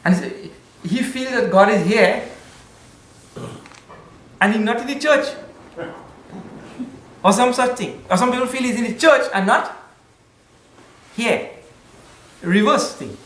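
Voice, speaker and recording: A man gives a conversational spiritual discourse, using Sanskrit terms and gentle humor. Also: very high voice, lively intonation, takes it slowly, pauses often, roomy sound, rough recording. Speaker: spiritual teacher.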